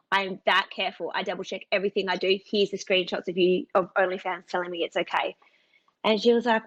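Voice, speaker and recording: A woman's voice: mid-range voice, a bit bright, muffled recording. A woman guest on a podcast interview, telling her story earnestly and emphatically, with lots of fillers and quoted back-and-forth. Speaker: podcast guest, content creator.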